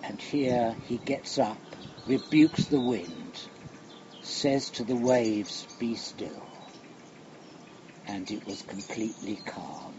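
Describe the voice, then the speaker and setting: Slow, reflective preacher, man. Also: on the low side. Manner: slow, reflective, drops to a hush on key phrases. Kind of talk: sermon. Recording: muffled recording with background noise.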